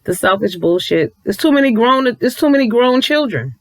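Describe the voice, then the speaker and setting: A man's voice: very high voice, animated, moderate pace, dry recording, rough recording. A man ranting to viewers from home late at night, emphatic and preachy, cursing and repeating himself for effect. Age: adult with a child. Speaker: commentary vlogger.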